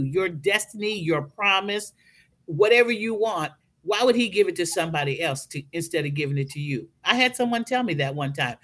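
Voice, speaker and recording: A woman's bright, forceful voice carries a podcast talk in a preaching style. She tells her story with animation and slips into the voices of the people in it. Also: lowish voice, expressive, fairly quick. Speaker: guest speaker.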